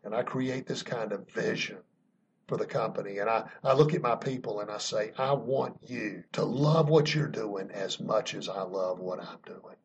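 Guy on a podcast telling a work story, kinda husky, emphatic, chuckles a bit, dullish lo-fi audio. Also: fairly low pitch, normal speed. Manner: earnest, emphatic, frequent chuckles. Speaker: podcast guest speaking on leadership. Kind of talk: anecdotal storytelling to an interviewer.

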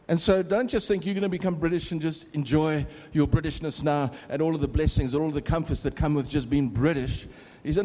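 Middle-aged preacher in a reverberant hall. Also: male voice, fairly high pitch, quick pace, hardly any pauses, mellow. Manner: conversational, joking with the congregation. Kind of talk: sermon. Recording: long reverb of a large hall.

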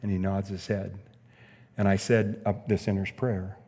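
A man's voice: sits low, flat delivery, normal speed, dark tone, long reverb tail. A male pastor preaching a sermon, telling a story earnestly and hammering points home with repeated phrases.

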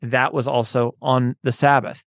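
A man's voice: medium pitch, level tone, normal speed, vocal fry, no echo, studio quality. Man teaching the Bible casually. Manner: conversational, many fillers like "right?" and "you know"; grows emphatic and louder when preaching about love. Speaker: Bible study host.

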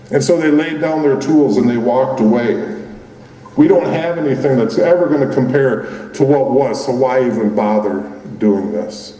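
A man's voice: mid-range voice, mellow. A male pastor giving a conversational sermon, full of fillers and restarts, in a church building that used to be a gym. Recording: roomy hall from far off.

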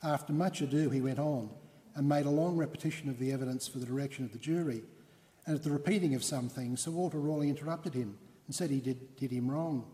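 A man narrates a historical account as a storytelling lecture, pausing to explain in a wry, explanatory way. His voice is mellow, and a long hall reverb hangs on it. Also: medium pitch.

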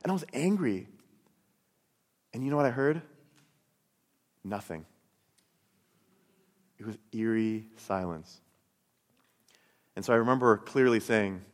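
A middle-aged Christian speaker shares his personal faith testimony and teaching in an earnest, storytelling manner, often repeating words as he goes. His pitch is fairly low with lively intonation, and he speaks unhurriedly with frequent pauses, in a recording with long hall reverb.

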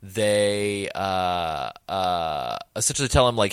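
Guy on a podcast going over a movie, lowish voice, dry close sound, cusses a lot. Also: normal speed, creaky, few pauses, clear, resonant tone, dry recording. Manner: animated, swears freely, acts out quotes. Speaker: podcast co-host. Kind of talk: casual movie recap chat.

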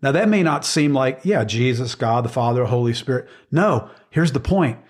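A man's voice: medium pitch, animated, moderate pace. A middle-aged man explaining Bible passages in casual conversation, earnest and emphatic, often repeating words as he searches for phrasing.

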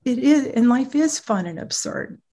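A middle-aged therapist, a guest on a podcast interview, tells parenting stories at a normal pace in a voice that sits high. She's an animated storyteller who laughs often.

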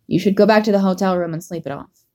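Woman doing a gruff hot-headed young man. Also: mid-range voice, fast, warm tone, natural voice. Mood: exasperated.

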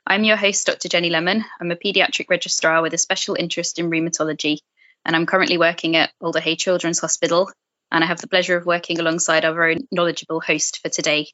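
A woman hosting a medical podcast, presenting briskly and fluently as a paediatric registrar. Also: fairly low pitch, level tone, sharp tone, no echo. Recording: slightly dull dry podcast audio.

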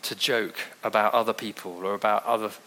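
A man preaching a sermon in a conversational way, with wry asides and slow scripture reading. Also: lowish voice, fairly even intonation, bright, forceful tone.

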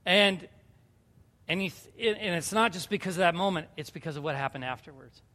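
A man's voice: sits high, fairly quick, sharp tone. A man in his thirties preaching a sermon as pastor, earnest and conversational, building to fervent appeals. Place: church sanctuary. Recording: reverberant hall.

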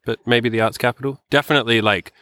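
A man's voice: medium pitch, steady tone, fast talker, sharp tone, dry recording. Playful Australian man chatting on a podcast. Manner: playful, chatty, trips over words. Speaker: podcast host. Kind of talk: unscripted casual chat.

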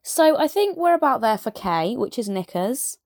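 A woman's voice: fairly high pitch, very animated, normal speed, a little mellow, no room sound, studio quality. A woman with a strong southern English accent, chatting casually and enthusiastically as a podcast presenter, with frequent fillers and asides. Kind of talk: casual chat.

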